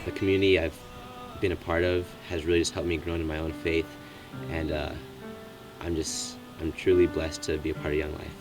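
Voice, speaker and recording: A man's voice: extremely low pitch, level tone, brisk, recorded from a distance. A teenage boy giving a hesitant personal testimony as a student, with many fillers. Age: teens. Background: music.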